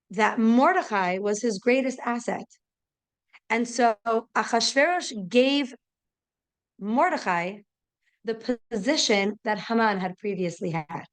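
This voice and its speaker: A young woman with a fairly high voice teaches a religious class as a story. She narrates with animated energy and lifts her pitch to voice the characters' lines. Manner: lively storytelling, acting out dialogue with raised pitch. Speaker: Torah teacher. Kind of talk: storytelling lesson.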